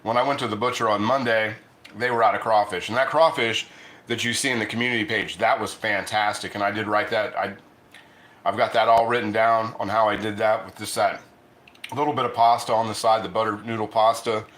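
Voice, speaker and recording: A man's voice: lowish voice, steady tone, fairly quick, a bit bright. A middle-aged man hosting a casual cooking livestream, rambling and chatty, eating and talking between bites in his home kitchen. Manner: rambling, chatty, restarts often; eating and talking with mouth full. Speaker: cooking show host.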